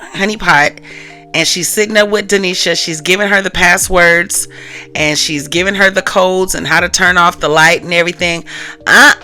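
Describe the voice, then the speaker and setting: Chatty woman recapping skits, bright voice, casual storyteller vibe. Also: fairly low pitch. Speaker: host.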